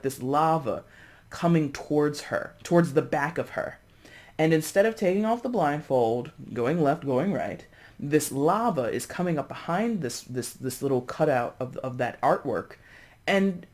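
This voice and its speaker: Casual tarot reader, chatty and expressive, loose delivery with fillers, talks to viewers as friends. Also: mid-range voice. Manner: breezy, addresses viewers as friends. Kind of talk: casual tarot reading to camera.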